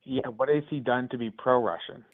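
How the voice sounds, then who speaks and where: A male caller with a low voice defending his views on a phone call, hesitant and often restarting his sentences. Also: brisk. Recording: tinny phone line.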